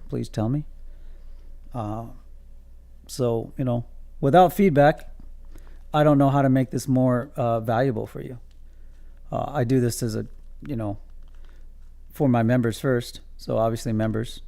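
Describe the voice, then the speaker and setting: A man's voice: mid-range voice, vocal fry, warm tone. A man streaming his day trading live, calling out levels to viewers in a casual, joking, self-amused way.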